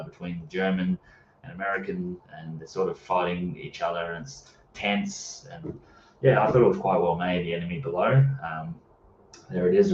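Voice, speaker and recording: Deep-voiced man chatting about films. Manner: rambling, many fillers, reads live chat. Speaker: livestream host. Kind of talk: casual movie chat. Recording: roomy, distant, dull with faint hiss.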